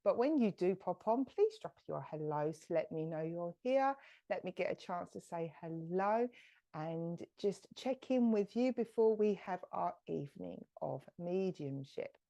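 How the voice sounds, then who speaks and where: A woman, a medium hosting a live stream, chatting brightly and greeting viewers by name. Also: on the low side, expressive, a little slow, vocal fry.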